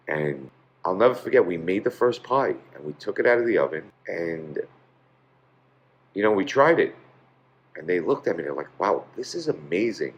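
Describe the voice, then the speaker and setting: A man, a pizzeria owner, telling stories in a casual interview, rambling with many fillers. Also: deep voice.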